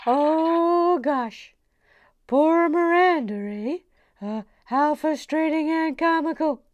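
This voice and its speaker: Woman doing a chirpy Canadian viewer, high and bright, slow sing-song delivery. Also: no echo, dull audio. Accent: Canadian, put on.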